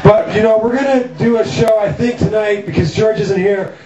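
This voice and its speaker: A middle-aged Canadian man hosts a comedy show in a loft, rambling through a profane, self-mocking monologue full of "um"s and "you know"s. His voice sits fairly high for a man. It is picked up from across the room on dull, lo-fi audio with a lot of room echo. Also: steady tone, normal speed, very noisy. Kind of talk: stand-up style intro monologue. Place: loft art studio with live audience. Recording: distant, roomy, dull lo-fi camera audio.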